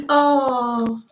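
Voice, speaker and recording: A British woman hosting a live craft stream, warmly welcoming viewers by name and chatting as she works. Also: high-pitched, reverberant, dull audio. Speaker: craft livestream host.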